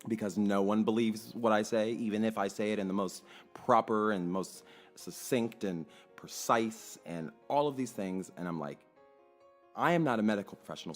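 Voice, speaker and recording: A young adult man telling a personal story in a casual, animated way, acting out quoted voices and swearing freely. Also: on the low side.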